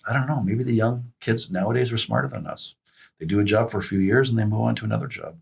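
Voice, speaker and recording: A man in his fifties, a podcast guest telling stories in a halting, reflective way. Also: fairly low pitch, gravelly, slightly rough. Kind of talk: casual conversation.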